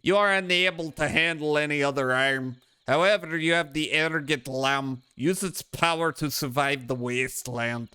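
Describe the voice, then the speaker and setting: A man's voice: on the high side, normal speed, hardly any pauses, pushed and bright, smooth, dry recording. A man reading the lines of a solemn, guilt-ridden middle-aged father and mentor from a video game.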